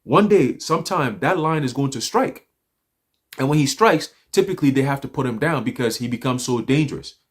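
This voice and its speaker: Animated, profane man preaching loosely. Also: mid-range voice, a little fast, slightly rough. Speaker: livestream speaker. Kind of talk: loose religious street talk. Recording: livestream audio.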